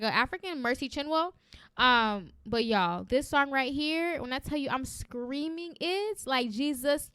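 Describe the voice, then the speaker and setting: A woman hosting a faith podcast, talking in an energetic, encouraging and conversational way and often checking in with "right?". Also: fairly high pitch, clear, resonant tone, no echo, clean studio sound. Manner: encouraging and preacherly. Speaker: podcast host.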